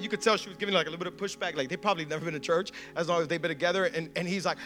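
A male pastor telling a story in a sermon, animated, acting out quotes and laughing often. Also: high voice, rapid-fire, hardly any pauses.

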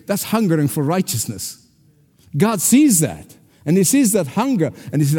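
A male pastor preaching a sermon with emphatic delivery and dramatic pauses. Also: a little high, sing-song, dark tone, breathy edge. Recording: long hall reverb.

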